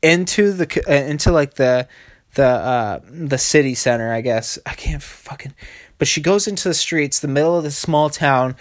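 A man's voice: a little high, expressive, normal speed. A man hosting a solo comedy podcast, rambling crudely with lots of swearing and laughter. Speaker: podcast host.

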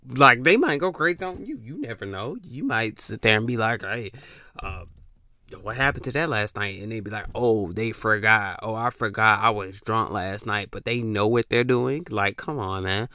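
A man's voice: fairly low pitch, bright, forceful tone, no room sound, studio quality. A young man hosting a podcast, talking in a loose, rambling casual monologue full of slang and emphatic repeats. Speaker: podcast host.

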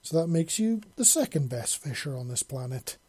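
A man puts on a gruff old space fisherman, stern and boastful, pitched up high and loud above his own voice. He sounds husky and mellow, recorded dry and close. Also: very animated, moderate pace, no room sound. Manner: stern, boastful, calls her lassie.

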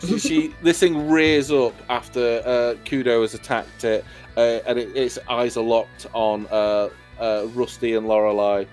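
A man's voice: mid-range voice, steady tone, a little slow, hardly any pauses, darkish tone, soft background music. A man narrating a tabletop game as game master, rambling and full of fillers.

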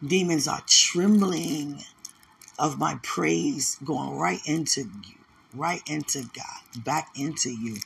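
A man giving an emotional live prophetic word of encouragement, repeating phrases and rising into excited exclamations. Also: takes it slowly, vocal fry, husky. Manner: emotional, repetitive, building to excited high exclamations.

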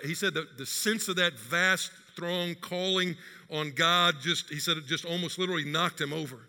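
A man's voice: on the high side, pushed and bright, in a large hall. A man preaching a sermon as pastor, telling a story and building to emphatic, impassioned declarations. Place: church sanctuary.

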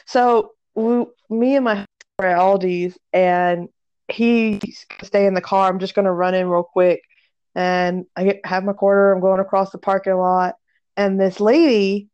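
A woman's voice: moderate pace, clear, resonant tone, highs cut off. A woman telling a funny story in a casual chat, laughing often and raising her voice when she acts it out. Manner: laughs a lot, animated retelling with pitch jumps.

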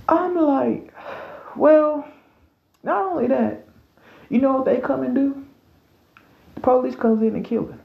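A fired-up man ranting into his podcast, foul-mouthed and worked up. His voice sits a bit high, with a gravelly edge, and leaps all over the place. The sound is roomy and dull, like a lo-fi home setup. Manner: heated, profane, swings from low mutters to high yells. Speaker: podcast host. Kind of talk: casual podcast rant.

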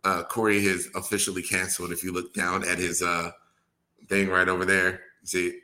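A man's voice: sits low, level tone, a little fast, pushed and bright. A man hosting a casual podcast chat, laid-back and laughing easily, with casual swearing. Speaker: podcast host.

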